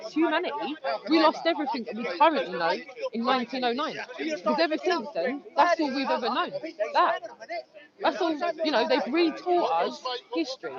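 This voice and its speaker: A woman chatting outdoors into a handheld phone, effusive and casually swearing. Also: sits high. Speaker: vlogger filming at a public speaking spot. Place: busy outdoor public park. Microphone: handheld phone camera. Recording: dull lo-fi phone audio, loud crowd.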